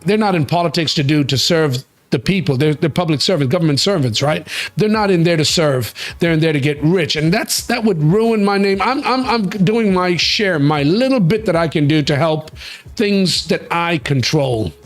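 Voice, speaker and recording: Chatty host guy, jokey and blunt, curses a bit, higher voice. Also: lively intonation, normal speed. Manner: blunt, joking, restless, swears casually. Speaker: podcast host. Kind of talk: casual panel chat.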